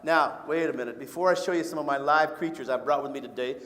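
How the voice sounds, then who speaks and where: A man's voice: a little high, fast, a bit bright. A middle-aged man from Michigan giving a live nature presentation to families, playful, joking and leading the audience in call-and-response and short songs. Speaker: nature educator. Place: large hall with an audience. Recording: echoey hall.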